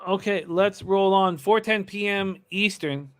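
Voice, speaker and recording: A man's voice: high-pitched, a little slow, fairly bright tone, clear, resonant tone, no echo, studio quality. Chatty man reading out betting comments. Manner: hesitant, many restarts, reads viewer comments aloud. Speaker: sports betting show host. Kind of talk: casual live-stream betting talk.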